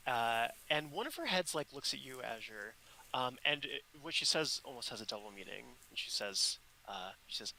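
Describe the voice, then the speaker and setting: A man narrating a tabletop role-playing game as dungeon master, unhurried and full of fillers. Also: mid-range voice, expressive, bright, forceful tone, a little hiss or hum, rough recording.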